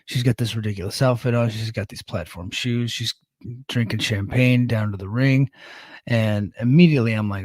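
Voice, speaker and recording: A man's voice: on the low side, normal speed, darkish tone, no room sound. A man hosting a podcast, recapping a wrestling show in a casual, rambling way, full of ums and restarts. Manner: rambling and self-correcting, with many ums and restarts. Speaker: podcast host.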